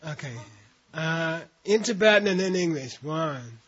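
A man's voice: on the high side, lively intonation, measured pace, fairly bright tone, slightly rough. A man teaching a class, patiently leading students through a text syllable by syllable and explaining terms as he goes. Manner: patient, breaks words into syllables for students to repeat. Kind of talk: classroom lecture with call-and-repeat reading. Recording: dull lo-fi recording.

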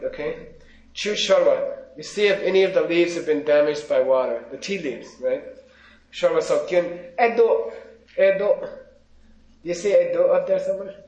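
A man teaching a class on Buddhism, reading out Tibetan lines slowly and then explaining them in casual, joking English to his students. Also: on the high side. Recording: echoey, dull lo-fi room recording.

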